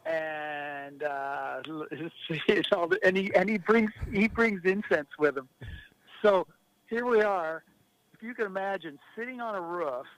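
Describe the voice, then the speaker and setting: A man with a high voice tells rambling golf-tour stories, laughing as he goes. His delivery is animated and loose, like a chatty radio guest. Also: no room sound, rough recording. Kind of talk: casual storytelling.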